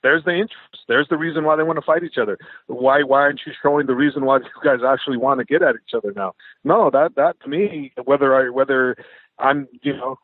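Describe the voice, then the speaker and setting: A man's voice: mid-range voice, fast talker, dry recording. A man, an MMA coach, telling stories in a phone interview and acting out quoted dialogue with lots of energy. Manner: animated, acts out quoted dialogue. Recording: tinny phone line, dry.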